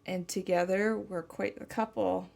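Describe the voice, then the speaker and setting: A woman tarot reader speaking a channeled message slowly and tenderly, close to tears. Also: medium pitch, fairly even intonation, gravelly, a little mellow. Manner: slow, tender, emotional. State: tearful.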